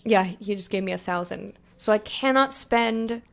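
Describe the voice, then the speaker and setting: A woman's voice: medium pitch, moderate pace, gravelly. A young woman streaming a game, chatting casually with viewers, laughing often and reading game text aloud. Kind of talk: casual let's-play chat with viewers.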